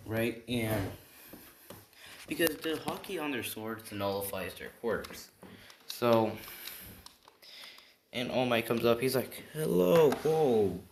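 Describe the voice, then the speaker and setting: A man's voice: mid-range voice, takes it slowly, long pauses. A man casually retelling an invented story while playing a video game, rambling and often checking in with "right?". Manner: rambling, keeps asking "right?". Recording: roomy room echo, faint noise.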